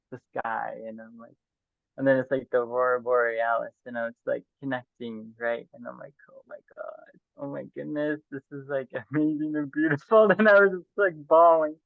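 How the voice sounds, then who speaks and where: A man's voice: mid-range voice, gravelly, no room sound. Man rambling earnestly over a tinny line. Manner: rambling, fills every phrase with "like"; earnest and heartfelt, soft-spoken. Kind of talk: casual reflective monologue. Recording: tinny dry phone-like audio.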